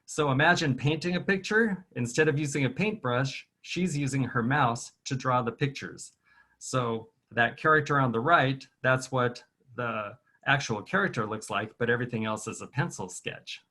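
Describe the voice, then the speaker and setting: A man's voice: medium pitch, normal speed, sharp tone. A man, a children's author, leading a virtual storytime over a video call, patiently sounding out words and rhythms for kids to repeat. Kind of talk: teaching phrases and clapping rhythms to children.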